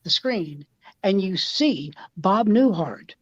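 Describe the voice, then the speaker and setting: A woman's voice: mid-range voice, takes it slowly, no room sound, muffled recording. A woman comedian telling a showbiz anecdote in casual chat, acting out the people in it. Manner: animated anecdote telling with quoted voices.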